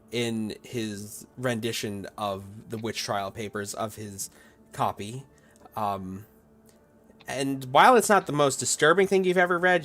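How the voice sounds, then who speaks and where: A man as game master, narrating a tabletop horror game in a measured, slow way with hesitations. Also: mid-range voice, a bit bright.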